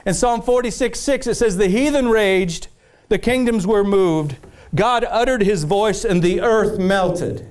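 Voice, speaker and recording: A man's voice: sits high, unhurried, darkish tone, clear, resonant tone. A man preaching a sermon with passion, repeating phrases and reading scripture aloud. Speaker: pastor.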